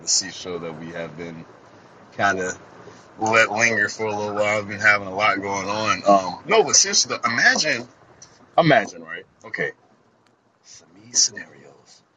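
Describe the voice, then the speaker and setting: A man's voice: lowish voice, animated, moderate pace, noisy background. A man co-hosting a casual comedy podcast, laughing often as he acts out silly made-up scenarios. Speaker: podcast co-host.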